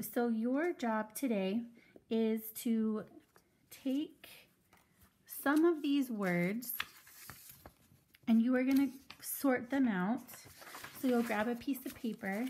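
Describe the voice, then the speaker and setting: A woman's voice: on the high side, slow pace, long pauses, darkish tone, a little hiss or hum. A woman teaching a phonics lesson to children, patiently sounding out words syllable by syllable.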